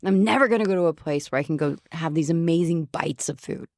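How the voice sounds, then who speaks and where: A woman's voice: deep voice, quick pace, a little mellow, no room sound, clean studio sound. A woman co-hosting a podcast, chatting casually in a bubbly, self-mocking way and laughing often. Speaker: podcast co-host. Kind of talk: casual chat.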